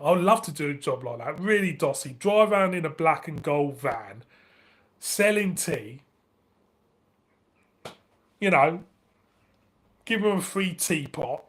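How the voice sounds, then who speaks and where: A middle-aged man from northern England hosts a beer review channel, chatting casually on a live stream in a higher, slightly bright voice with a northern English accent. He laughs often and swears freely.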